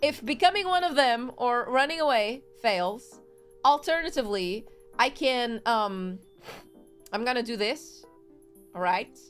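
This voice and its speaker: A woman's voice: a little high, animated, measured pace, fairly bright tone, soft background music. A woman streamer chatting casually on a live stream, rambling in a giggly, playful way. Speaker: VTuber streamer.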